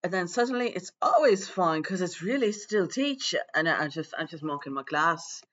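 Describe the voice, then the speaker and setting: A man's voice: high-pitched, animated, moderate pace, fairly bright tone, muffled recording. A man improvising a loose, rambling lecture as a self-styled teacher of a magic class.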